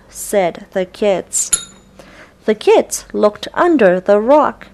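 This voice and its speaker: Woman reading a kids book out loud, super slow, each word spelled out clearly. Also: medium pitch, animated. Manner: slow, deliberate and clearly spoken for young listeners. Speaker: storybook reader. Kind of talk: reading a children's storybook aloud.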